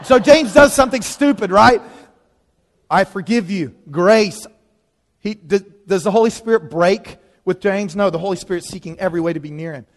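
A man preaching a sermon in a lively, conversational way, leaning on dramatic pauses. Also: high-pitched. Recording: long reverb of a large hall.

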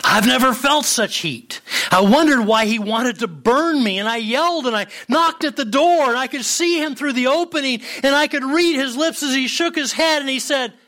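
A man's voice: sits high, expressive, normal speed, long pauses, sharp tone. A man voicing a talking clay teacup from a story, who pleads and cries out as it suffers. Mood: frantic.

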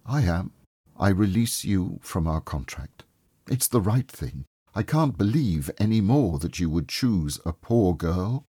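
A man reading the part of a sorrowful young woman who softly releases her fiancé, speaking gently and with quiet reproach. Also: sits low, expressive, unhurried, breathy edge, no echo, clean studio sound, heavily acted. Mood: resigned resolve.

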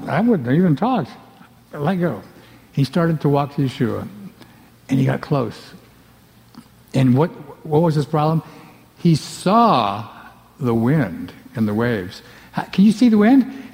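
A man preaching a sermon, animated, acting out the scenes and swinging between loud bursts and hushed asides. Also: high voice, vocal fry. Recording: long reverb of a large hall.

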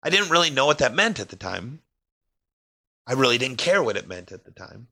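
A man telling a personal story of crisis in an emotional, halting way, his voice sinking quiet in the hardest parts. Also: very animated. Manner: emotional, pausing, voice drops low and quiet in heavy parts.

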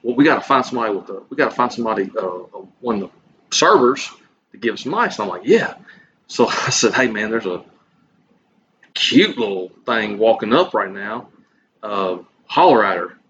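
A man's voice: on the low side, expressive, fairly quick, fairly bright tone. A man telling a rambling, profane bar story in casual chat, acting out the dialogue himself. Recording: slightly muffled with faint room noise.

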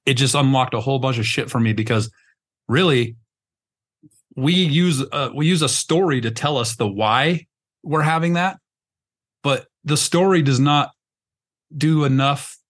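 Speaking at a measured pace with frequent pauses, a man with a medium-pitched, somewhat bright voice hosts a podcast conversation. He's emphatic and rambling, repeatedly restarting while he looks for words, and drops curse words casually.

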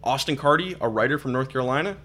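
A man's voice: medium pitch, lively intonation, quick pace, sharp tone. A young man, hosting a casual podcast and rambling with lots of fillers. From Minnesota. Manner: chatty, rambling, many fillers and restarts. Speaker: podcast host.

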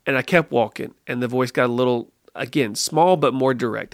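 A man being interviewed on a podcast, telling a personal story in an earnest, lively way and often restarting his phrases. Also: medium pitch, moderate pace, dry recording, studio quality. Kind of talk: casual conversational storytelling.

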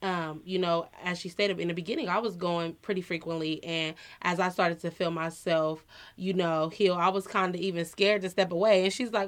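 A woman in her thirties talking in a relaxed, heartfelt way on a podcast. She speaks earnestly and often fills her pauses with "you know.". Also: lowish voice. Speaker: podcast co-host. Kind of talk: casual personal chat.

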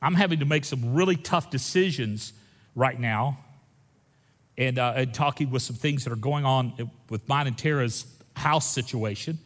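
A man preaching a sermon as a pastor, folksy and animated, moving between loud stretches and hushed ones. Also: medium pitch, normal speed. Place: church sanctuary. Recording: long reverb in a large hall.

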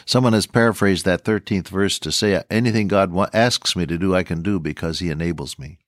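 A man's voice: sits low, a little fast, no room sound, clean studio sound. An older man teaching the Bible on the radio, folksy and earnest, repeating his key lines. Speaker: radio preacher.

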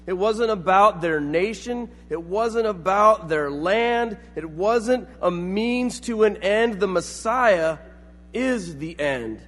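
A man's voice: high-pitched, a bit bright, in a large hall. A middle-aged man preaching a sermon as pastor, telling family stories and acting out quotes. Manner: storytelling with acted-out quotes.

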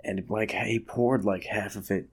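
A man's voice: on the low side, fairly even intonation, unhurried, slightly rough. A man co-hosting a casual podcast, rambling through stories with many likes and restarts. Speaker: podcast co-host. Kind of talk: casual chat.

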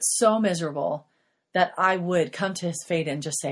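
Breathy middle-aged woman, podcast host, earnest confessional faith testimony. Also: lowish voice, moderate pace.

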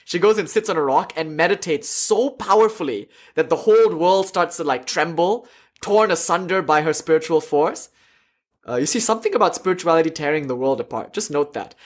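Husky-voiced male storyteller. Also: on the high side, fairly quick. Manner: animated, irreverent, lively asides. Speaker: teacher. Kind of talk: storytelling lecture.

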